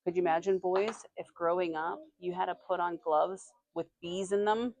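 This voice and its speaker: A woman teaching a classroom reading lesson, reading passages aloud slowly and stopping to quiz her students. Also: on the low side, fairly even intonation, darkish tone, a little hiss or hum.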